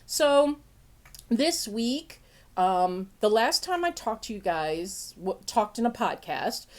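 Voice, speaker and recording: Woman host, fairly high pitch, sniffly, chatty and playful, bursts of laughter. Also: slow pace. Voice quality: sniffly nose. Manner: playful, laughs often, big pitch jumps when excited. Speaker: podcast host. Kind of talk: casual chat.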